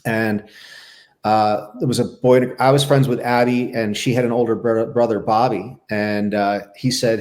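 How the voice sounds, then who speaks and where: A middle-aged man and former Navy SEAL, a podcast guest telling his life story in a candid, halting, reflective way. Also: fairly low pitch, steady tone, a little mellow. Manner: reflective, halting, with many restarts.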